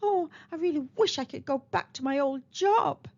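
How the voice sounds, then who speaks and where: A storybook shepherd boy forced to play prince, with a high, lilting voice and a plaintive, whiny edge, as a woman reads him. The recording has a slightly dull, lo-fi sound. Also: lively intonation, moderate pace. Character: humble young shepherd boy made a prince.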